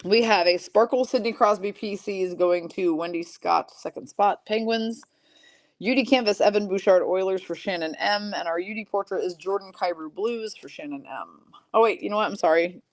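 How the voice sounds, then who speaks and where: A woman hosting a live card break, rattling off player and team names and chatting casually with viewers between pulls, clearing her throat now and then. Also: medium pitch, normal speed, no room sound.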